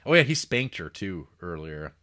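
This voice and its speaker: Low-voiced sarcastic man ranting. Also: big pitch swings, moderate pace, pushed and bright. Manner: sarcastic, laughing, acts out scenes. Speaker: podcast co-host reviewing films. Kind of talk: casual profane chat.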